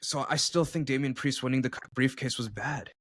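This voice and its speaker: A man's voice: medium pitch, fairly quick, a bit bright, no echo. A man co-hosting a casual podcast, sharing his opinions with enthusiasm. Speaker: podcast co-host. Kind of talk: casual chat.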